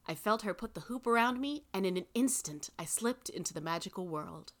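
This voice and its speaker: A woman reading a first-person story aloud in an expressive way. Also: mid-range voice, a little fast. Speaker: reader.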